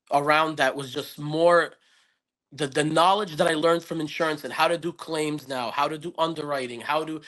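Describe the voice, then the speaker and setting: His voice is on the high side with a fairly bright tone. Speaking as a podcast guest in a casual interview, he tells a personal story earnestly and reflectively, rambling and frequently starting over.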